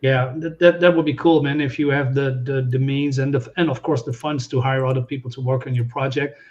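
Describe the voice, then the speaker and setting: A man co-hosting a casual live stream speaks in a medium-pitched, darkish voice, steady in tone and fairly quick. He agrees readily but hesitates over his words, using plenty of fillers, and the audio is dull and lo-fi.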